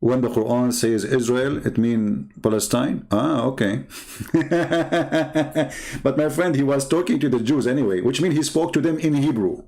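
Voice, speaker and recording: A man's voice: mid-range voice, normal speed, few pauses, warm tone. A man delivering a combative, mocking monologue as an online religious debater, growing heated as he makes his points. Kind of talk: impassioned monologue.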